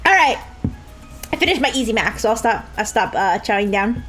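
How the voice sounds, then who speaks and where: A young woman streamer talks over a game in a high voice that climbs and dives all over. She jokes crudely with her viewers, laughs often and slips into mock sobbing. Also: animated, fairly quick, fairly bright tone, faint music behind, low-quality recording. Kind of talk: live-stream gameplay commentary.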